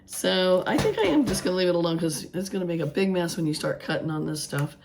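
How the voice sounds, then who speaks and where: A woman with a hoarse voice, rambling casually as she works on a craft project and later preaching earnestly. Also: fairly low pitch, expressive, fast, background noise. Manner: rambling, thinking aloud with restarts; earnest preaching about faith. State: hoarse, voice still gone after illness. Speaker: craft vlogger. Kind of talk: casual craft vlog talk.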